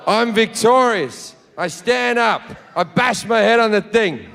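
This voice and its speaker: A man with an Australian accent telling a story as a stand-up comedian on stage. He talks in a brash, profane way and builds up to shouts. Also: high voice, animated, a little slow, creaky, slight background noise. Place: comedy stage before a live audience. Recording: live hall with faint audience.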